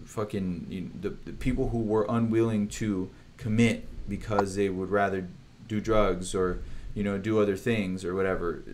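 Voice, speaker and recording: A man's voice: on the low side, a little hiss or hum. A young man hosting a casual livestream chat, laid-back, swearing often, with lots of fillers. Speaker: host, band drummer.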